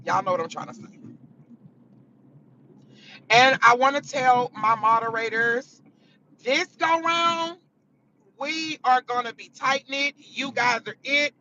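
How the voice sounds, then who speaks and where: A woman's voice: high voice, slow pace, long pauses, pushed and bright, a little hiss or hum. A woman content creator chatting candidly and profanely in a casual vlog from a car, laughing often. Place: in a car on the way to work. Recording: dull lo-fi sound.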